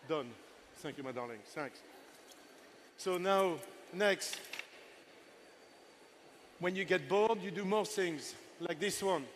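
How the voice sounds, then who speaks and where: A man's voice: sits high, slow pace, long pauses, a little hiss or hum. A man in his sixties, a chef giving a live cooking masterclass on a festival stage, chatty and playful with his helpers and the crowd.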